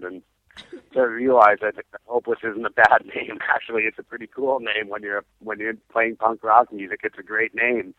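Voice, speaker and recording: A man's voice: lowish voice, normal speed, no echo. A man, a punk band singer, telling stories in a casual phone interview, laughing often and acting out what people said. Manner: animated storyteller, laughs often, acts out quotes. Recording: tinny phone line.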